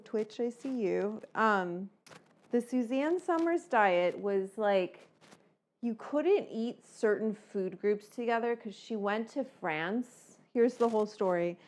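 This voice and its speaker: A middle-aged woman hosting a casual cooking livestream, rambling and swearing, with lots of fillers as she chats with viewers. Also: medium pitch. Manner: rambling, chatty and profane, with frequent fillers. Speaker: cooking show host.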